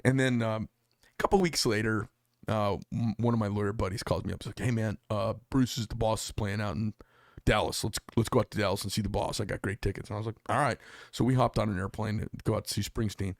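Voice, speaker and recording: A middle-aged knifemaker hosts a podcast from a small workshop studio, his lowish voice moving fast over a dry, clean studio sound. He's an animated storyteller who spins long tales in casual chat, acts out the people he quotes, and swears freely.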